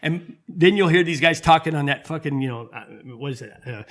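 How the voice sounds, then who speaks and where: A man holds forth on his own podcast in a loose, angry rant. He swears constantly and trips over his own sentences as he pushes his points. His voice sits a little higher than most men's. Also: a little fast, a bit bright. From United States. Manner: heated, profane, stumbling restarts. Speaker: podcast host. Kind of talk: casual political rant.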